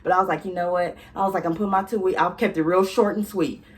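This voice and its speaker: A young woman vlogging, telling a storytime straight to her viewers in a sassy, animated way. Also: lowish voice, quick pace. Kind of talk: casual storytime chat.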